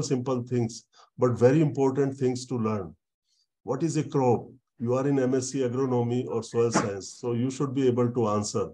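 Man lecturing, mellow voice. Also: medium pitch. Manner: explains slowly, repeats words, many fillers. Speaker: university lecturer. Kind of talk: online lecture.

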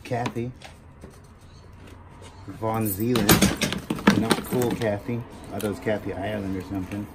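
A man's voice: on the low side, fairly even intonation, moderate pace, long pauses, heavy background noise. A man vlogging casually from inside a storage unit, joking as he sorts through finds. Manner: joking, playful. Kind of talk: casual chat while unboxing.

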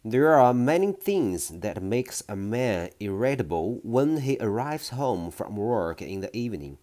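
A man reading a children's novel aloud in an unhurried storytelling manner, with small slips. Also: on the low side, dark tone. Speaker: reader.

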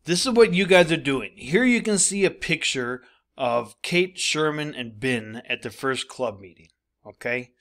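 A man's voice: medium pitch, expressive, a little slow, fairly bright tone. Man teaching a grammar lesson. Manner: explanatory, addresses students directly. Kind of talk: recorded classroom lesson.

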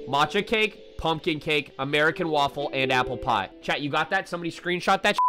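A man giving excitable, casual commentary while playing a video game, with loud outbursts. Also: on the high side, brisk. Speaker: gaming video creator. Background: game music.

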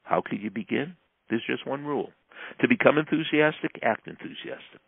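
A man with a husky, gravelly low voice reads a self-help text as a coach would, leaning hard into stressed words and letting others fall away. The sound is thin and tinny like a phone line. The room is dry, with no echo. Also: moderate pace. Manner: emphatic, swinging between loud stresses and quiet asides. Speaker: motivational coach. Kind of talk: reading a self-help book aloud.

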